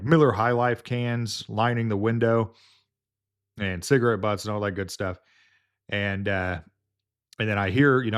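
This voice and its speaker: A man working as a home health nurse, casually telling a story in a rambling way, full of fillers and restarts. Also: fairly low pitch.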